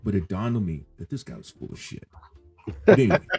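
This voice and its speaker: Low dark-voiced guy hosting a laid-back podcast chat, lots of ums. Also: sing-song, quick pace, gravelly, husky, faint music behind. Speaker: podcast host. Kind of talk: casual interview chat.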